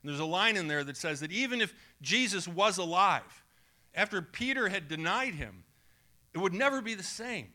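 A man's voice: high-pitched, animated, normal speed, bright, forceful tone. A male pastor preaching a conversational sermon, acting out quoted voices.

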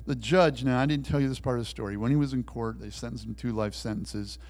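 Talking quickly at a medium pitch, a preacher dramatizes a story within his sermon, voicing its characters and shifting from loud outbursts to quiet lines.

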